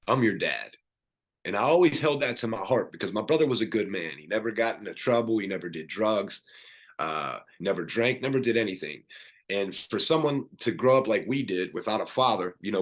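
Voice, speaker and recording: A middle-aged man appears as a podcast guest, earnestly recounting his life story in a casual conversation. His voice sits somewhat low, and he rambles with fillers and restarts.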